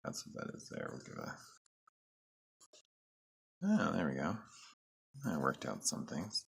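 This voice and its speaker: Very deep gravelly man musing aloud. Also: wildly swooping pitch, a little slow. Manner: rambling, musing to himself; joking, self-deprecating asides. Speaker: artist drawing on camera. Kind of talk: casual drawing commentary.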